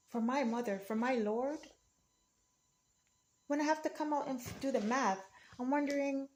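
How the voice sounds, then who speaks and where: A woman speaking in an emotional, rambling monologue, defiant and often repeating herself. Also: a little high.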